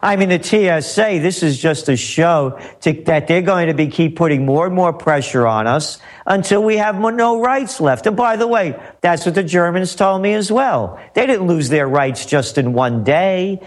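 A man with a high, lively voice that swings up and down as he rants about politics. He hammers his points home, repeats himself, and piles up rhetorical questions. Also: normal speed, few pauses. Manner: emphatic, repetitive, rhetorical questions. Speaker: guest commentator. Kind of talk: heated political talk.

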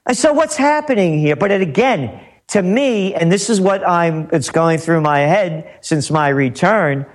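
Brief: high-voiced, animated male pundit, emphatic, repetitive, full of rhetorical questions. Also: measured pace. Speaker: guest commentator. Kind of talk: heated political talk.

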